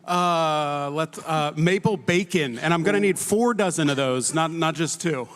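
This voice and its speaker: A playful man co-hosts, stumbling a little through scripted banter. His voice is fairly high and rings in a hall with a long reverb. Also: unhurried, a bit bright. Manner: hesitant, playful. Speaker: co-host.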